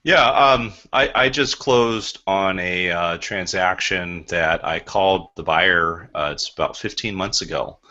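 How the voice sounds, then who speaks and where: Bright-voiced man telling a sales story. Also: low-pitched, measured pace, hardly any pauses, muffled recording. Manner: animated storyteller, acts out phone calls. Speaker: real estate agent.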